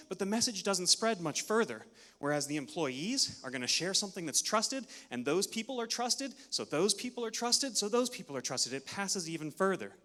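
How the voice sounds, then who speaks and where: A man giving an energetic, interactive talk at a conference, leading the audience through counts, a little out of breath. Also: sits high. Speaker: conference speaker. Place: large conference hall. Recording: long hall reverb.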